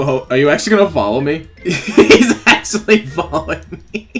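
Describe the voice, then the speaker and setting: A man's voice: mid-range voice, fairly bright tone. A young man doing playful, sarcastic gameplay commentary as a gaming YouTuber, often laughing as he talks. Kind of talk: gameplay commentary while trolling. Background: faint background music.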